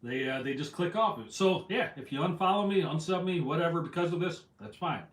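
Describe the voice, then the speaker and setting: A man's voice: on the high side, animated, fairly quick. A man hosting a casual fishing livestream, reading out viewer comments in a rambling, self-deprecating way. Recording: echoey room, voice from afar.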